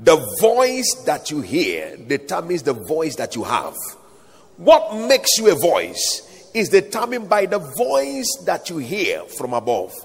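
A man preaching a sermon, calling for amens, with a sing-song, emphatic delivery and slow, drawn-out stresses. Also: fairly high pitch, huge pitch swings, creaky, big-room sound.

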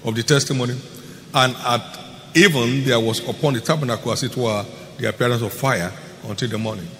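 Man preaching with emphatic repetition in a hall. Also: mid-range voice. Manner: emphatic, repeats key phrases, swings between loud and hushed. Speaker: pastor. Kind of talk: sermon. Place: large church hall. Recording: long hall reverb, faint noise.

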